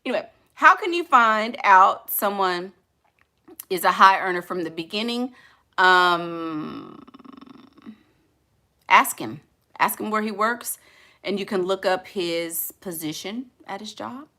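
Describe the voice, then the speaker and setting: A woman's voice: medium pitch, animated, slow pace, long pauses, pushed and bright. A woman with a New Orleans accent giving blunt, sassy relationship advice in a casual, colloquial way. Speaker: relationship coach.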